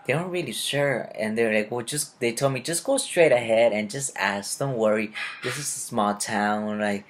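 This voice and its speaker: A man's voice: medium pitch, moderate pace, slight background noise. A young man vlogging a personal travel story in a chatty, rambling way, with many fillers and self-corrections.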